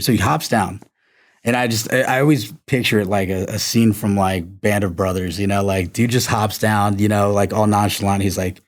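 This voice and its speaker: A man with a somewhat low voice tells a story in easy, casual talk. He rambles and stacks up fillers, getting animated as he goes. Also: moderate pace. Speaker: podcast guest, army veteran.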